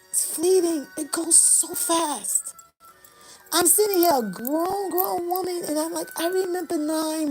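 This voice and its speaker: A woman's voice: sits high, dark tone, poor audio. A woman in her fifties giving an impassioned motivational talk on a livestream, speaking in repeated, preacher-like affirmations. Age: 50s. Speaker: livestream host.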